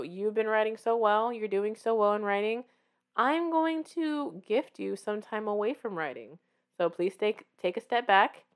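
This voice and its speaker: A woman author hosting her own show, talking casually and encouragingly to the listener and acting out her own reactions as she tells her story. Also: medium pitch. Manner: warm, encouraging, directly addressing the listener. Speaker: author and podcast host. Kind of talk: casual motivational talk.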